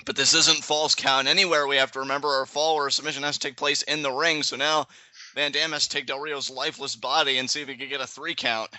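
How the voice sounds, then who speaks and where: A young man chatting excitedly in a live reaction, predicting what happens next and laughing often. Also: medium pitch, quick pace, no echo. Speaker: guest co-commentator.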